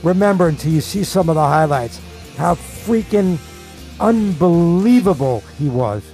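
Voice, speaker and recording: Sports radio host, a man, slightly high voice, steady delivery. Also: measured pace, faint music behind. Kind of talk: casual sports radio banter.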